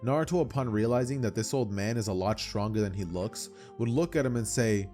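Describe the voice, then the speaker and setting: A man's voice: fairly low pitch, a little fast, hardly any pauses, darkish tone, soft background music. A young man casually telling an anime what-if story, rambling in slang and correcting himself as he goes.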